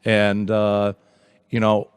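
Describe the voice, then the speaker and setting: A man hosting a call-in radio show, explaining things in quick, rushed bursts. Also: lowish voice, monotone, smooth, no room sound, clean studio sound. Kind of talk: casual radio chat.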